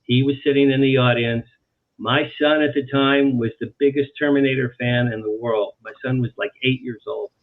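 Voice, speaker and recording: A man, an author guest on an interview show, telling animated anecdotes and repeating phrases for emphasis. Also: medium pitch, moderate pace. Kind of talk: storytelling in a talk-show interview. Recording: tinny phone-like line.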